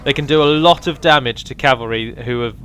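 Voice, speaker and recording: Man, game mod presenter, casual walkthrough commentary, rambling with ums, bright tone. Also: medium pitch, fairly quick, a little hiss or hum. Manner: rambling, with frequent ums and restarts.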